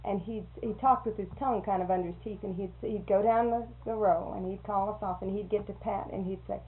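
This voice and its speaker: A woman who is a schoolteacher, telling stories in casual conversation with lively acted-out quotes, on a tinny lo-fi recording. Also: medium pitch, fairly quick, hardly any pauses. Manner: animated storyteller who acts out quotes. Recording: tinny phone-like lo-fi recording with faint hiss.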